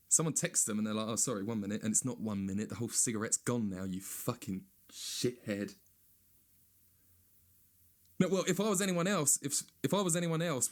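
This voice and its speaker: Sweary man in a sarcastic rant. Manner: sweary, sarcastic, mocks others in high whiny voices. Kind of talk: ranting stand-up monologue.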